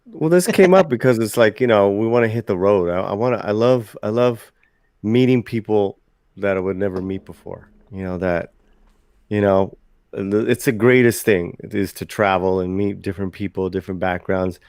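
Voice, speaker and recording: A man chatting casually, relaxed and encouraging. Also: fairly low pitch, normal speed, no room sound, clean studio sound. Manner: relaxed, encouraging back-channel. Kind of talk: casual chat.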